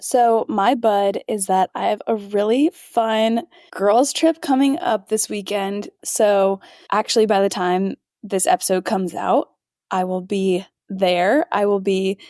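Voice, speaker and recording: A woman's voice: medium pitch, dark tone, no room sound, studio quality. A young woman co-hosting a podcast in casual chat, upbeat and enthusiastic, using fillers as she talks. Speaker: podcast co-host.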